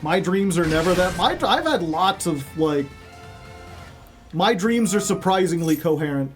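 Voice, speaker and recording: High-voiced man streaming and joking. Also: lively intonation, measured pace, faint music behind. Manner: rambling, joking, laughs often. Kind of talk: casual chat while playing a card game.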